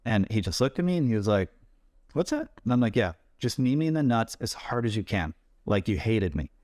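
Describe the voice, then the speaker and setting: A man who works as a stuntman, telling lively anecdotes in a casual interview and acting out what people said. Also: fairly low pitch, brisk, no echo. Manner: animated anecdotes, acts out quoted voices. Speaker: stuntman guest.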